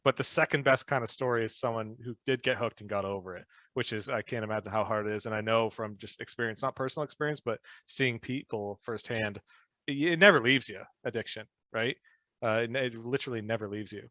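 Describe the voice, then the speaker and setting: A man's voice: mid-range voice, a little fast, pushed and bright, no echo, lo-fi sound. A man telling stories as a podcast guest in a casual, rambling way, swearing and laughing often. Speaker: podcast guest, former band musician. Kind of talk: casual storytelling chat.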